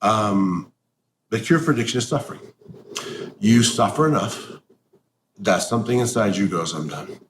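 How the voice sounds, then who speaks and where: A man's voice: lowish voice, animated, moderate pace, pauses often, background noise. A man speaking bluntly and profanely in a candid conversation, getting heated as he talks. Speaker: interview guest.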